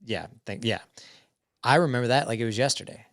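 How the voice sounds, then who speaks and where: A man's voice: medium pitch, brisk, fairly bright tone, no echo, clean studio sound. A man in his forties telling a frank personal story as a podcast guest. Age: 40s. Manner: frank, acts out quoted dialogue.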